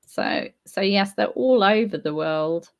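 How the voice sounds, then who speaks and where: A woman's voice: mid-range voice, a little slow, creaky. A woman hosting a live stream, reading out viewer comments and answering them in a thoughtful, hesitant way, with many fillers and restarts. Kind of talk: casual live Q&A talk. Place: home in Spain.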